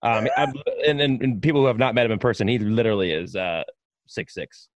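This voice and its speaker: Animated, emphatic male podcast host. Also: lowish voice, brisk, no room sound. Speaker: podcast host, radio broadcaster. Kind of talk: casual podcast conversation.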